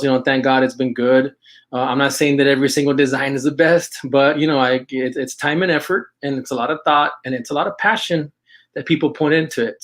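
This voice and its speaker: A middle-aged man talks casually on a livestream, his voice sitting at an ordinary middle pitch. He rambles and stops to restart his sentences as he goes. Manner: rambling, halting, full of restarts and fillers. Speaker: host of an outdoors apparel and magazine show. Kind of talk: casual livestream talk with shout-outs.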